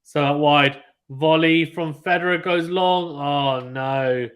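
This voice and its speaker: A man calling a match live on a stream in casual play-by-play, getting excited and reading out viewer chat. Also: on the high side, slow pace.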